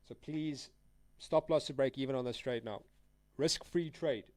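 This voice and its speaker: A man's voice: medium pitch, measured pace, a little mellow, no echo. Casual slangy trading streamer, a man. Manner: casual, slangy, addresses viewers as guys and dude. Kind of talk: live stream commentary.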